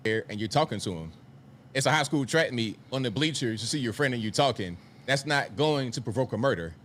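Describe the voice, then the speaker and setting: A man's voice: mid-range voice, expressive, fairly quick, a bit bright. Panelist, man, firm and methodical, faint background hiss. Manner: firm, step-by-step reasoning. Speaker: panel commentator. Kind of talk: news panel discussion.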